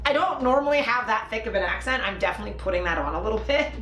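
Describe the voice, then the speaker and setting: A woman's voice: fairly high pitch, animated, quick pace, a bit bright, roomy sound, soft background music. A Canadian woman streaming a casual live chat, talking freely with frequent laughs and fillers. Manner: chatty, laughing, trails off into fillers.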